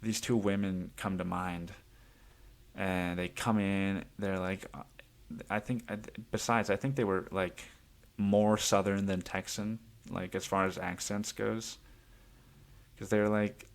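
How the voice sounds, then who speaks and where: A man's voice: fairly low pitch, level tone, measured pace. A man hosting a solo podcast, rambling casually and swearing often with self-amused laughs. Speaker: podcast host.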